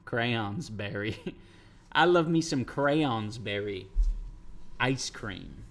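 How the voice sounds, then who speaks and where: A man's voice: medium pitch, expressive, extremely slow, a bit bright. A man streaming, chatting casually with his viewers in a rambling, profane way. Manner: rambling, profane, reacting to chat. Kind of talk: casual livestream chat.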